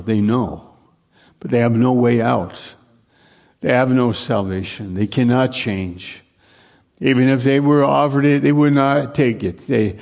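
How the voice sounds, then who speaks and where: A man preaching a sermon slowly and earnestly, repeating phrases for emphasis and often dropping to a hushed, low voice. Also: creaky. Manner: slow, earnest preaching with long pauses, sinking to a hushed low voice.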